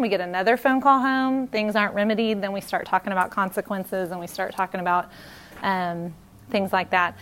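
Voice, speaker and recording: A woman in her thirties giving a casual, earnest church talk on parenting, with many fillers and restarts. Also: mid-range voice.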